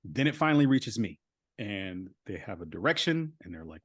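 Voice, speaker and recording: A man's voice: fairly low pitch, sing-song, moderate pace, a bit bright, dry recording. A man in his thirties, a voice actor guest on a podcast, talking casually and rambling with lots of "like" and "you know.".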